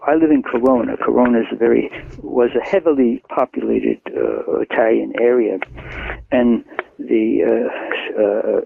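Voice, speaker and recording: A man's voice: mid-range voice, gravelly, breathy edge. An older man, a poet from New York, telling anecdotes in a casual interview, chuckling as he goes. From Queens, New York. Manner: chuckling anecdotal storyteller, acts out quoted voices. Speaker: poet and author, interview guest. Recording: dry, phone-like line.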